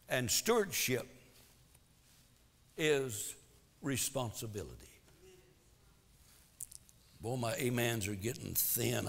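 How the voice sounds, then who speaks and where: A man preaching a sermon in a church, swinging between loud exhortation and quiet asides. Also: mid-range voice, vocal fry, long reverb tail. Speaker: pastor. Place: church sanctuary.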